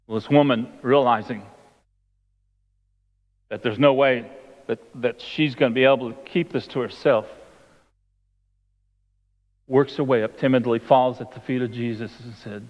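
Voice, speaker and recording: A man's voice: medium pitch, measured pace, pauses often. A man preaching a sermon, retelling the story and acting out the voices of its people. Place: church sanctuary. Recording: long hall reverb, dull lo-fi sound.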